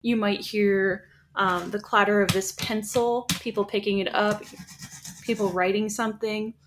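A woman's voice: mid-range voice, fairly even intonation, a little slow, background noise. A woman talking casually on a podcast, explaining ideas in a chatty way with frequent restarts. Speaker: podcast co-host. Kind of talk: casual chat about writing.

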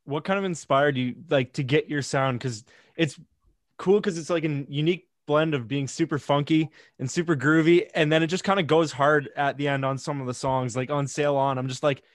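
A man interviewing a band, asking relaxed, enthusiastic questions. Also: fairly high pitch, moderate pace, no echo, clean studio sound.

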